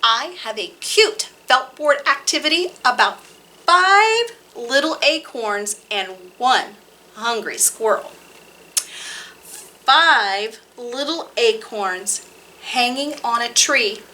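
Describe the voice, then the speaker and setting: A woman hosting a library storytime, reading rhymes and picture books aloud to toddlers in a sing-song, expressive way. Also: on the high side, slow, slight background noise. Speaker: children's library storytime host.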